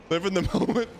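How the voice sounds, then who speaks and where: A man in his thirties hosting a livestream, talking in a rambling, animated, mock-defensive way. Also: sits high. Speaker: livestream host. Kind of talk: casual chat.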